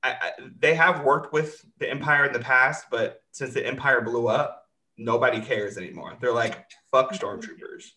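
A man's voice: mid-range voice, normal speed, roomy sound. A man hosting a casual recap chat, swearing freely and acting out the characters as he retells scenes. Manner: animated, swearing, acts out characters. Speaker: podcast host recapping a show.

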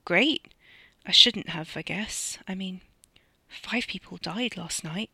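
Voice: mid-range voice, gravelly, bright, forceful tone, breathy edge, no echo, clean studio sound, exaggerated voice. A reader doing a meek, shaken young driver. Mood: uneasy. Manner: hesitant and halting.

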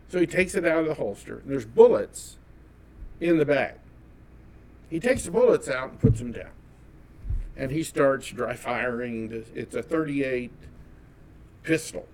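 A man from California telling a personal story as an interview guest, animated and acting out the dialogue. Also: medium pitch, measured pace, pauses often, a little hiss or hum. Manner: animated, acts out quoted dialogue.

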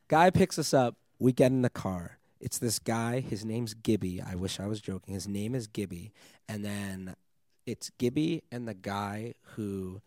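A young man, a DJ guest, telling a wild story in casual chat, animated and swearing often, laughing as he goes. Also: lowish voice, no echo, clean studio sound.

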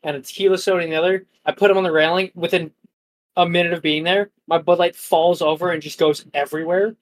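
A young man co-hosting a podcast, telling a story in an animated, slangy way with plenty of swearing. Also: on the high side, fast. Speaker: podcast co-host. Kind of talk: casual chat.

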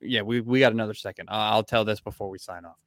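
A man's voice: on the low side, fast, no room sound, studio quality. A young adult man hosting a podcast in casual chat, telling profane stories and acting out what people said. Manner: animated storyteller who acts out quotes. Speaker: podcast host.

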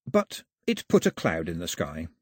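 A man narrating an audiobook in an expressive, storytelling manner on a close studio mic. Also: sits low, normal speed, husky, no echo. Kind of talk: scripted narration.

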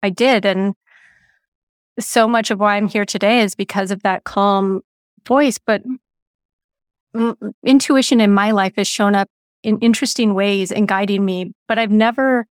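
A woman's voice: mid-range voice, fairly even intonation, a little slow, smooth, dry recording, clean studio sound. A woman hosting a podcast interview, speaking in an earnest, reflective way and sharing personal stories. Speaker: podcast host. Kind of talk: conversational interview.

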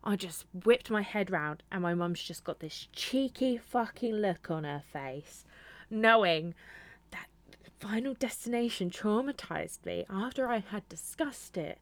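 A woman co-hosting a podcast, telling stories in an animated way, swearing casually and laughing along. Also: mid-range voice, a little slow, dry recording. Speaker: podcast co-host. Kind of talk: casual chat.

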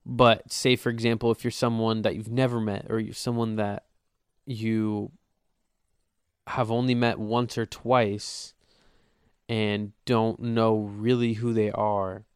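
On his casual solo podcast, a young host rambles, curses freely and mocks himself. He speaks slowly in a low, level, clean voice. The studio recording is clean, with no room sound.

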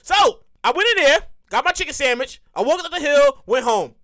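A man hosting a podcast as a comedic monologue, animated and prone to repeating words and laughing at his own stories. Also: very high-pitched, brisk. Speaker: podcast host.

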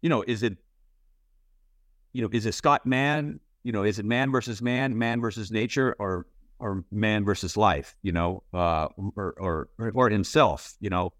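Male interviewer, low voice, rambling and candid, dry close sound. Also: unhurried, fairly bright tone, no echo. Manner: rambling, full of "you know" and restarts; candid, swears casually. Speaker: interviewer, playwright and actor. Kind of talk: casual interview talk.

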